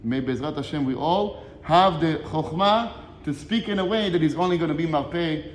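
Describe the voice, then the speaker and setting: A man giving a short Torah lesson, telling a Talmud story with lively swings between Hebrew quotes and English explanation. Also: fairly high pitch, normal speed, reverberant, long reverb tail, slight background noise. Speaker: Torah teacher.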